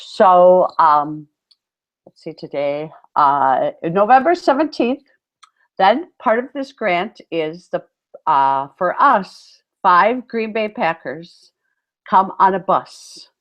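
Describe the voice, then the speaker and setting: A woman with a fairly low voice co-hosts a relaxed chat, telling stories with lively, excited exclamations. Her audio sounds dull and lo-fi, as if the highs were cut away. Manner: animated storyteller, acts out quotes with big exclamations. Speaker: podcast co-host, PE teacher. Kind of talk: casual chat. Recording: muffled lo-fi audio.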